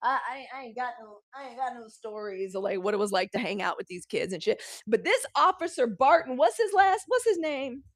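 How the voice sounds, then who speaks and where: A woman's voice: on the high side, brisk, no room sound. Candid middle-aged mississippi woman riffing on the news, salty language, dry close mic. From Southern Mississippi, US. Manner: candid, animated, profane, talks straight to the audience. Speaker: host of a live news commentary show. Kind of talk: casual live commentary.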